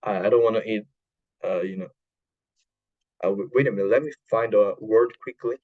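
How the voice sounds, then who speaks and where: Halting man retelling a film. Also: lowish voice, phone-quality sound. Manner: halting, many fillers and restarts, non-native grammar. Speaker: podcast host. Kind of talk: casual retelling of a film plot.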